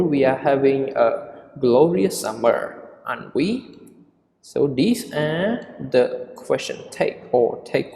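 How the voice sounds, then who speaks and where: A man's voice: medium pitch, dark tone, a little hiss or hum. A man teaching an English grammar lesson, explaining step by step and repeating key terms, with small non-native slips in his grammar. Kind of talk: recorded online grammar lesson. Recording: echoey room with long reverb.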